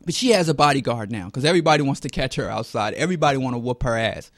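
A middle-aged man, talking in an animated casual monologue that swings between loud bursts and low muttering. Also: rapid-fire, dry recording, clean studio sound.

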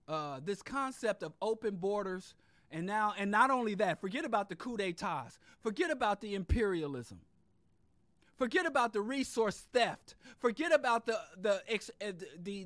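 A man delivering an impassioned political monologue, fiery and profane, hammering points in repetitive lists and dropping into low muttered asides. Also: dry recording. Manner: swings between loud outbursts and low muttered asides. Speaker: podcast host.

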